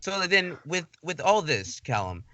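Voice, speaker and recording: A man hosting a podcast interview, asking long, halting, repetitive questions. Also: fairly high pitch, big pitch swings, bright, forceful tone, dry recording. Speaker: podcast host. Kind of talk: casual interview talk.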